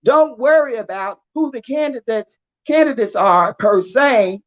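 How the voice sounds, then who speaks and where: A woman with a fairly high voice addresses an outdoor rally, speaking slowly and with weight, repeating her lines for emphasis. The recording is dull and lo-fi. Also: lively intonation. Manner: slow, emphatic, repeats phrases for effect. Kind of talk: impassioned rally speech with call-and-response.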